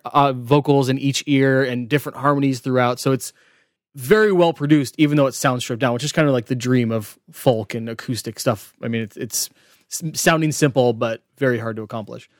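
A man's voice: medium pitch, no room sound. Chatty man on a dry mic. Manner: chatty, lots of "like" fillers. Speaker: podcast co-host. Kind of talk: casual chat about an album.

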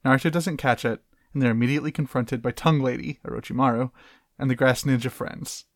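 A man's voice: medium pitch, fairly even intonation, fast talker, no echo. Wry man with a dry close sound. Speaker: podcast co-host. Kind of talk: casual chat and read summary.

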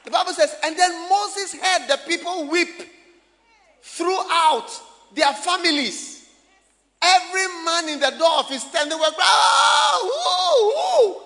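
A man preaching a sermon from Ghana, firing questions at the congregation and shouting for emphasis, recorded live in a church. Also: very high-pitched. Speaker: pastor. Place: church hall. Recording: live church recording with long hall reverb.

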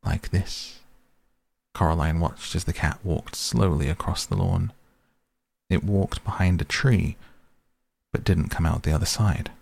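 Deep husky guy reading a storybook, slow and measured, gravelly. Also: darkish tone. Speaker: narrator. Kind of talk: audiobook reading.

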